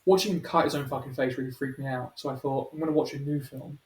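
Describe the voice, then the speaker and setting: A man's voice: medium pitch, fairly even intonation, fast talker, a little mellow, distant mic. A man hosting a podcast, chatting casually and rambling with crude jokes and laughs. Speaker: podcast host. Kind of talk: casual chat. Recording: echoey room with faint noise.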